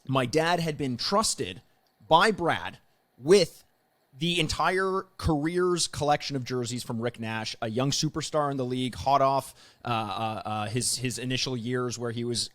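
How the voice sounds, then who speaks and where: A man's voice: medium pitch, a little slow, fairly bright tone. A young man hosting a podcast, introducing a guest in a chatty, teasing way. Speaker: podcast host.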